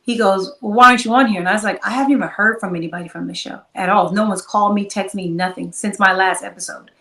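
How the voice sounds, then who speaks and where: A woman's voice: mid-range voice, quick pace, echoey room, distant mic, low-quality recording. A woman guest telling a long story in an interview, acting out the back-and-forth of quoted dialogue. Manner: animated, acts out quoted dialogue.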